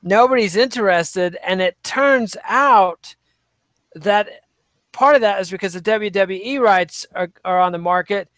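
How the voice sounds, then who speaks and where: Wry high-voiced podcast co-host. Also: male voice, unhurried, fairly bright tone, no echo. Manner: wry, rambling commentary with many fillers. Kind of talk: casual chat.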